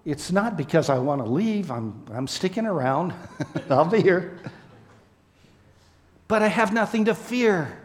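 A man preaching a sermon to his congregation as a pastor, speaking earnestly and with deep emotion, and closing with a prayer. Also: sing-song. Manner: earnest, emotional, slow and heartfelt, addressing the congregation.

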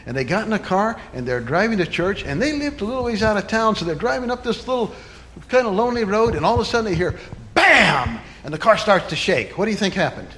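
High-voiced guy telling a kids story at church, dramatic, faint hiss. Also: animated, quick pace, a bit bright. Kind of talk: children's story sermon.

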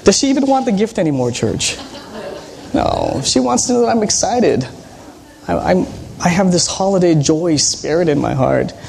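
A man preaching a conversational sermon as a pastor, telling personal stories in a relaxed, hesitant way with frequent ums and restarts. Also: high-pitched, moderate pace, vocal fry.

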